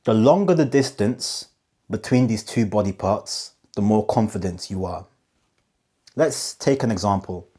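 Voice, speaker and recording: A man's voice: fairly low pitch, expressive, mellow, breathy edge. A man coaching viewers on how they come across, speaking directly to camera with emphatic pacing and rhetorical questions. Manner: emphatic, slows down on key phrases; demonstrative, asks rhetorical questions. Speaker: communication coach.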